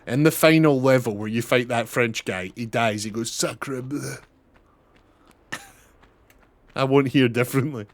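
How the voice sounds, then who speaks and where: A young man streams a game and chats through it, swearing and laughing as he goes. His voice sits at a middling pitch. The sound is dry and close, with no room echo. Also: brisk, few pauses. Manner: chatty, swearing, laughing often. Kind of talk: casual gaming commentary.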